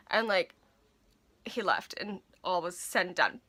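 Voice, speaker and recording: A woman in her twenties telling a casual storytime vlog, animated and full of "like". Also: mid-range voice, moderate pace. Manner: animated, filler-heavy storytelling with lots of "like". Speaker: vlogger.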